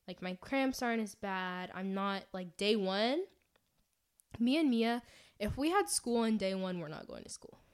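A woman's voice: mid-range voice, animated, unhurried, smooth. A young woman co-hosting a casual chat podcast, talking animatedly and retelling things dramatically with lots of "like". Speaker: podcast co-host.

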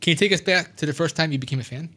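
A man hosts a show from a radio studio and keeps the conversation moving with quick prompting questions. He talks fast, and his voice has a bright, forceful edge. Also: fairly high pitch. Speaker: radio host. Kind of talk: interviewing guests.

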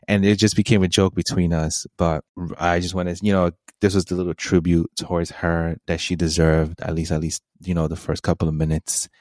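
A man's voice: deep voice, fairly even intonation, brisk, darkish tone, no echo. A man in his thirties co-hosting a podcast, telling a personal story in a rambling way full of fillers and laughs. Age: 30s. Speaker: podcast co-host.

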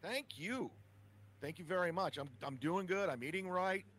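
A man's voice: sits high, normal speed, a bit bright. A man giving his own stream commentary, mumbling asides that drift in and out.

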